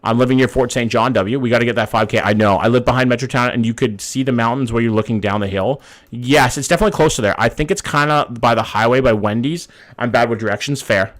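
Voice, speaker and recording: A young man live-streaming a map-guessing game, greeting chat and thinking aloud in a casual, slangy way that trails into low mutters while he works something out. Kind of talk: live-streamed gameplay commentary reading chat.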